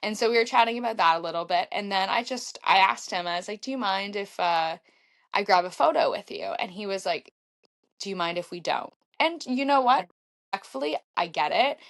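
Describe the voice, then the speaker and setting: A woman in her thirties, a podcast guest telling a story in casual chat, acting out her own quotes with big jumps in pitch. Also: lively intonation, fairly quick, gravelly, fairly bright tone. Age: 30s. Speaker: podcast guest, marathon runner.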